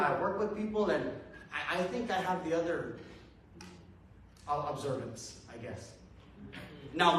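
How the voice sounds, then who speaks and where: A man's voice: sits high, fairly bright tone, slight background noise. A man preaching a conversational sermon to a congregation, casual and self-deprecating, with chuckling asides. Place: church hall with a congregation. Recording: echoey hall from far off.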